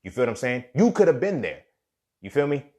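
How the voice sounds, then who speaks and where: In dull-sounding audio, a young male podcast host speaks in a mid-range, dark-toned voice with a sing-song lilt and a slightly quick pace. His casual motivational monologue is a profane story, punctuated again and again by "you feel me."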